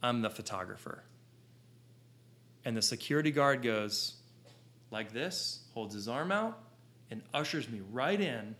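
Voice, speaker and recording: Excitable man in his thirties telling a story. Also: medium pitch, measured pace. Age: 30s. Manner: excitable, with rambling restarts and lots of "like". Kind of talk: animated personal storytelling to an audience.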